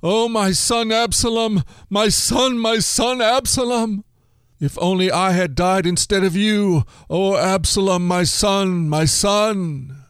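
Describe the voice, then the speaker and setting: A man's voice: high voice, slow pace, smooth, dry recording, pitched above the performer's own voice. A man reading as a grief-stricken old king. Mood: grieving. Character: grieving old king crying for his dead son.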